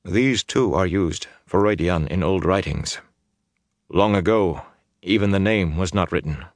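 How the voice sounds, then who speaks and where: A man voicing a reluctant older warrior who speaks slowly and gravely. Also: low voice, fairly bright tone, dry recording, clean studio sound. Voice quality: slow, grave, halting.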